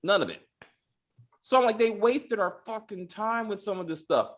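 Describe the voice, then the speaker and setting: A man hosting a casual TV recap chat, animated and profane, breaking into mock voices of characters. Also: high-pitched, moderate pace. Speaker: podcast host.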